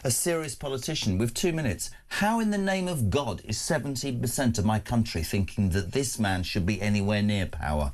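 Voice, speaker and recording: A man hosting live breakfast talk radio, blunt and heated, cutting in with quick remarks. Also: medium pitch, expressive. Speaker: radio talk show host.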